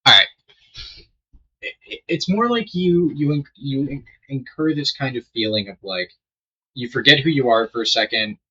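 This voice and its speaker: Rambling young man with a very bright voice. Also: medium pitch, moderate pace, husky. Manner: rambling, swearing, trailing off mid-sentence. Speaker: storytelling gamer. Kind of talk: casual storytime while playing a game. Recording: dull lo-fi mic.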